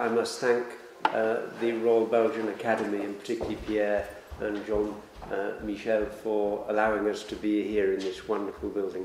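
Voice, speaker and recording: A man delivers a formal opening address in a somewhat low voice. He talks earnestly and repeats words for emphasis. The sound is very echoey, with a faint hiss behind it. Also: a little mellow. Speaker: conference speaker, federation president. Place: large lecture hall. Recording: echoey hall, faint noise.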